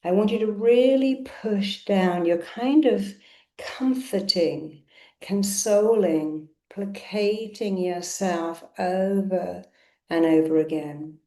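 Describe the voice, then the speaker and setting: A woman's voice: medium pitch, slow, warm tone, roomy sound. A woman therapist leading a live online session, coaching listeners through a self-help exercise and repeating affirmations with emphasis.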